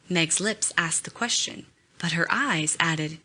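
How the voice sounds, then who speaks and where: A woman narrating a classic novel in a measured, expressive way. Her voice is bright and a touch low. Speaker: audiobook narrator. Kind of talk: scripted narration.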